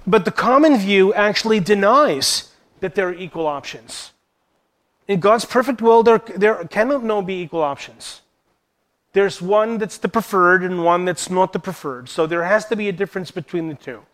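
Earnest high-voiced man teaching. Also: normal speed, fairly bright tone. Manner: earnest, poses rhetorical questions. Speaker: Christian teacher. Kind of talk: teaching talk to church leaders.

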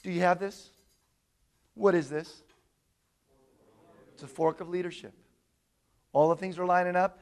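A man preaching a sermon to a congregation, animated and quizzing his listeners with questions. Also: sits high, measured pace, long pauses. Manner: animated, asks the audience questions.

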